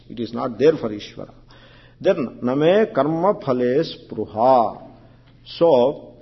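A man's voice: medium pitch, slightly rough. A man teaching a scriptural lecture class, explaining terms one by one and often repeating or restarting his phrases. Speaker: spiritual teacher. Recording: dull lo-fi recording.

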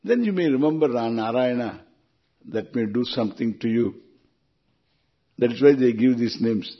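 Man, Indian English accent, spiritual teacher, chuckling, unhurried, husky, dull lo-fi recording. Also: mid-range voice. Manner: unhurried, chuckling, chants Sanskrit verses. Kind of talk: scripture lecture.

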